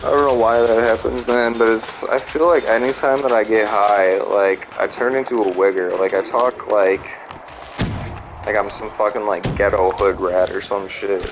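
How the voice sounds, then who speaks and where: A man's voice: lowish voice, steady tone, normal speed. Profane rambling man over clicking noise. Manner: profane, rambling, full of fillers. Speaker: gamer. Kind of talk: casual gameplay commentary.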